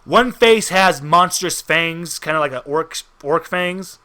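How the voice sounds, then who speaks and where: Bright-voiced man running a tabletop game. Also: a little high, takes it slowly. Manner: easygoing, with restarts. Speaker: game master.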